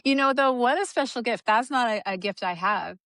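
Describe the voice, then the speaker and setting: A woman's voice: fairly high pitch, fairly quick, fairly bright tone, no echo, clean studio sound. A woman guest, a psychic medium, talking in a chatty way and laughing between phrases. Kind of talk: casual chat.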